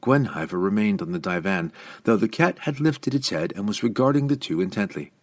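A man reading a fantasy novel aloud as narrator, with an expressive, varied delivery. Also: on the low side, brisk, dry recording. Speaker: audiobook narrator.

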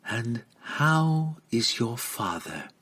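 A man voicing a gracious noble lady mage who speaks politely in a measured, hushed way. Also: on the low side, very animated, slightly rough, exaggerated voice. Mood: gentle, polite.

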